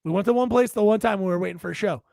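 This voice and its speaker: A man with a high, gravelly voice co-hosts a casual podcast, rambling through crude stories and swearing freely. The sound is close and dry, with no room around it. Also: racing, darkish tone, no room sound. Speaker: podcast co-host.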